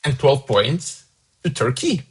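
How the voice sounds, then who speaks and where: A man's voice: medium pitch, animated, slow pace, husky, low-quality recording. A man hosting a fan song contest, casually reading out each voter's points with chatty asides. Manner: casual, chatty, upbeat about scores. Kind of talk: live commentary reading out votes.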